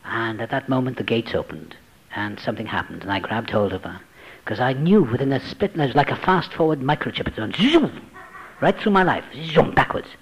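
A man's voice: medium pitch, animated, a little fast, breathy edge, low-quality recording. Man telling a dramatic life story. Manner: dramatic, acts out quoted voices, drops to hushed tones. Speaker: speaker sharing a recovery story. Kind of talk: personal testimony, storytelling.

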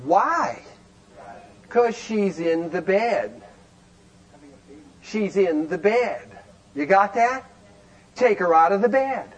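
High-voiced folksy man teaching a group. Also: big pitch swings, slow, long pauses, low-quality recording. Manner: folksy, emphatic, rhetorical questions. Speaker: recovery meeting speaker. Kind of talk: animated teaching talk.

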